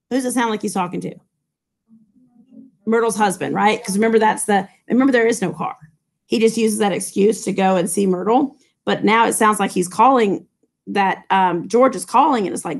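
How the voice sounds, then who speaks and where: Teacher lady reading a book out loud, stops to chat about it casually, mid-pitched. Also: fairly quick. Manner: casual, chatty asides to students. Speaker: English teacher. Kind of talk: reading a novel aloud and explaining it.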